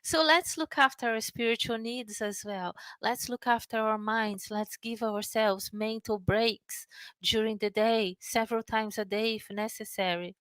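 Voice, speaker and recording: A woman from the United Kingdom who works in mental health, giving an earnest presentation and gently leading a breathing exercise. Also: fairly high pitch, smooth, no echo. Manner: calm, earnest, slows and softens for the breathing guidance.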